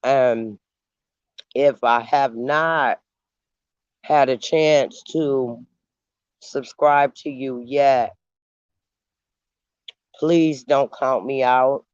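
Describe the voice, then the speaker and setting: A man hosting a casual livestream, talking slowly with long pauses and eating as he speaks. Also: mid-range voice, steady tone, smooth, no echo, lo-fi sound. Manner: unhurried, pausing, eating while talking. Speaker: channel host. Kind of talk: slow casual livestream chat.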